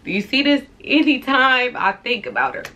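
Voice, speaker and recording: A young woman vlogger, speaking softly and informally in an emotional confessional vlog, tearful at times. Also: high-pitched, sing-song, moderate pace. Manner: soft-spoken, heartfelt, informal slang.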